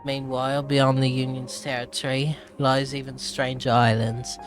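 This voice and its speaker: A man's voice: medium pitch, flat delivery, normal speed, natural voice. A man reading aloud in a put-on British accent as a reluctant female travel writer, theatrical and stumbling over words. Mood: wry. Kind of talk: reading in-game text aloud. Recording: game music underneath.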